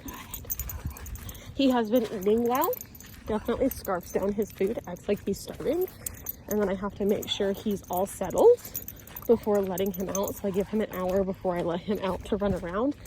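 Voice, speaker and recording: A woman dog trainer outdoors, explaining her method while walking a dog and calling out sharp commands. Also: mid-range voice, normal speed, slight background noise. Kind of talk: instructional talk during dog training.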